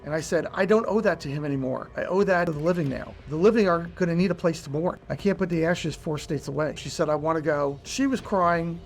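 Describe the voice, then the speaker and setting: A middle-aged man, a bereaved father, telling his story in an earnest, halting way, his voice dropping low and soft at the painful moments. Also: gravelly, faint music behind. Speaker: bereaved father and charity founder. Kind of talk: emotional personal storytelling.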